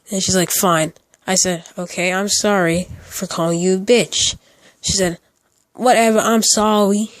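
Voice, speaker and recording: This is a teenage boy with a high voice telling a rambling, casual story for his storytime YouTube channel. He keeps restarting and saying "like," and the audio has no echo.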